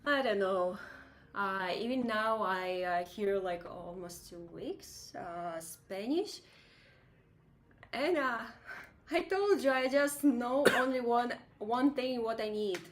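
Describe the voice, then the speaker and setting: A woman from Russia with a Russian accent, speaking English as a second language in a halting way, searching for words. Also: on the high side, expressive. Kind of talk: casual chat.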